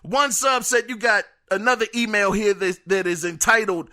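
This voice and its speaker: Man, high voice, very bright tone, casual podcast, animated, joking. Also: moderate pace. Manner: animated, joking, stumbles and laughs over words. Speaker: podcast host. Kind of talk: casual solo podcast reading listener emails.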